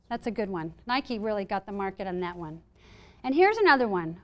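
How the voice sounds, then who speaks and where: A woman speaker giving a live presentation on stress resilience to a room of listeners, playful and lively, acting out inner voices. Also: high voice, moderate pace.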